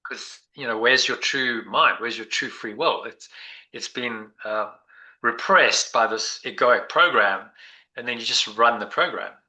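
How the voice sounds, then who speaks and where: A man's voice: medium pitch, unhurried, sharp tone, rough recording. A man leading a spiritual discussion group, talking in a meandering, reflective way with many restarts. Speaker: meditation group leader.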